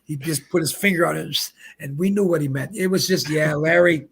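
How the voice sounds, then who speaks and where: Old guy rambling through bowling stories, gravelly and husky, a bit high voiced. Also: fairly quick. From Pennsylvania, US. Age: 70s. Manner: rambling, animated anecdotes with restarts. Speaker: guest, retired pro bowler. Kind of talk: casual storytelling.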